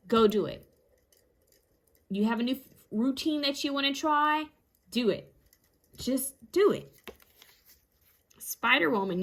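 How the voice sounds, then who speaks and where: A woman giving a casual, encouraging tarot reading to her viewers, energetic and fond of repeating herself. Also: high-pitched. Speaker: tarot reader. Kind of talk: casual intuitive card reading.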